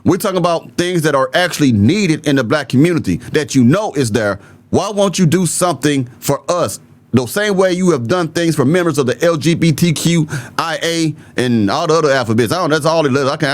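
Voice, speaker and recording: A man's voice: a little high, lively intonation, quick pace. A man from the Southern United States with a mild Southern accent, hosting an opinionated video commentary and talking bluntly and emphatically straight to his viewers. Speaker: political commentary host.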